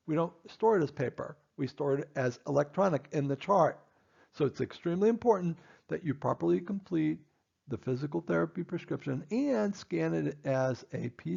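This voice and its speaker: A male dentist instructs assistants in a training lecture, stern and emphatic, driving his points home by repeating them insistently. His slightly high voice is warm with a gravelly edge, and the recording sounds muffled and lo-fi.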